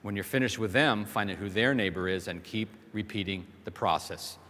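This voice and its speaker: Gruff shrewd older salesman mentor, probing coach, slightly low voice, hall echo, as a keynote speaker quotes him. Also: normal speed, sharp tone. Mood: instructing. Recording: long hall reverb from a stage.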